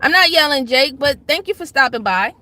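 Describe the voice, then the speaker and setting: A woman hosting a casual livestream, her voice high and bright. She shouts out chatters by name, then lectures and pleads with her viewers, hammering the same points again and again. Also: lively intonation, brisk. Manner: emphatic, repeats herself. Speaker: livestream host.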